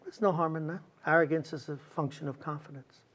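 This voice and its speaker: A man's voice: fairly high pitch, a little fast, fairly bright tone. A man hosting an interview who asks probing, reflective questions in a conversational way. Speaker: interview host.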